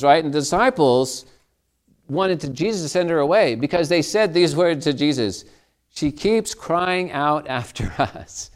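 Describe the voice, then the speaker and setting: Preaching as a pastor, this man weaves in stories conversationally and poses questions to his listeners. His voice is a little high, with a clean tone.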